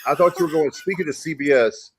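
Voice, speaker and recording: A man's voice: a little high, fast talker, a loud crowd. A middle-aged man co-hosting a sports talk show, chatting eagerly. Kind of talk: casual chat.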